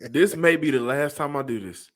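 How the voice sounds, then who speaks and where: A man co-hosts a casual sports podcast. He trips over his words and stammers through his picks. His voice sits a touch higher than usual. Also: normal speed. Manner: hesitant, stammering restarts. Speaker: podcast co-host.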